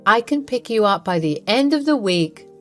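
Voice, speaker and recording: Brief: woman voicing a flirty rich charmer, easy and persuasive, soft music under. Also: medium pitch, animated, moderate pace, pitched above the performer's own voice, natural voice. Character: smooth-talking flirtatious rich man.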